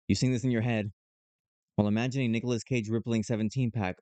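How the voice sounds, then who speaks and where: Playful male streamer, dark dry voice. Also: lowish voice, quick pace, no echo. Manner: playful, animated reactions while reading. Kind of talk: reading a dating sim aloud on stream.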